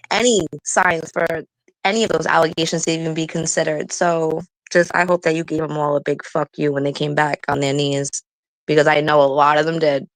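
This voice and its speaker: A woman's voice: sits low, dry recording, poor audio. A woman co-hosting a livestream, talking bluntly and indignantly in casual gossip. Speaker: livestream co-host.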